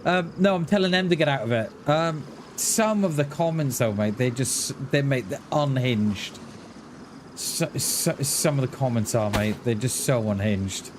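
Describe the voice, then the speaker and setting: A man chats casually with his viewers during a live game stream, rambling and restarting his words. His voice is medium-pitched and measured, with a noisy background.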